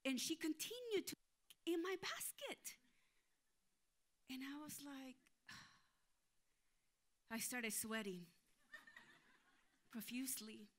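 A woman pastor preaches in a bright, ringing voice that sits a little high. She tells a story with lively energy and acts out her own thoughts and the other people in it as she goes. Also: takes it slowly, long pauses. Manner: animated, acts out inner voices and quotes. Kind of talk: sermon with storytelling.

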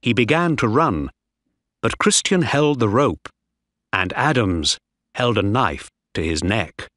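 Slow, expressive male story narrator. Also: lowish voice, no echo, studio quality. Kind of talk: audiobook reading of a graded reader.

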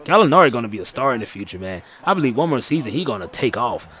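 A man giving casual, slangy play-by-play commentary over a basketball video game, excitable and heckling his own players. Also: mid-range voice, racing. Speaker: gaming channel host.

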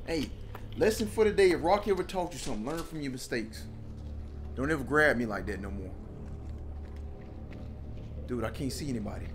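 A man doing casual gameplay commentary, excitable, often yelping and shouting at enemies. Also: mid-range voice. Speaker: gaming video host. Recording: noisy game capture.

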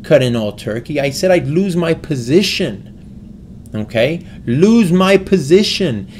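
A man voicing a kindly, fatherly old male stock trader who speaks slowly and earnestly. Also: mid-range voice, lively intonation, a little mellow, a little hiss or hum, close to an everyday voice. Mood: patient, firm.

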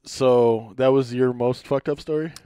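A man's voice: mid-range voice, steady tone, unhurried, warm tone, smooth, no room sound. A man co-hosting a podcast, steering the casual chat with dry quips. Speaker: podcast co-host.

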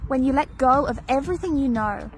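A woman's voice: high-pitched, fairly quick, a little mellow. A woman business coach giving an earnest, emphatic motivational voice-over. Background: music.

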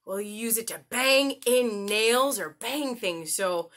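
High bright-voiced woman teaching kids. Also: slow pace, few pauses. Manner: animated, sing-song, talks straight to the kids. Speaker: children's story time host. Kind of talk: teaching letters and singing to young children.

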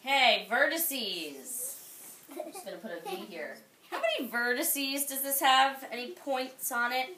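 A woman's voice: high voice, lively intonation, unhurried, distant mic, background noise. A woman teaching a second grade class, quizzing the children by name and praising them patiently. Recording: echoey classroom, voice off-mic.

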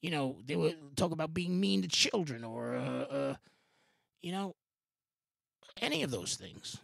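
A man hosts a podcast in a rambling, loose way, full of restarts, fillers and swearing. His voice is gravelly, and his pitch swings widely. The sound is dry and close. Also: animated, a little slow, a bit bright, dry recording. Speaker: podcast host. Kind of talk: casual rambling commentary.

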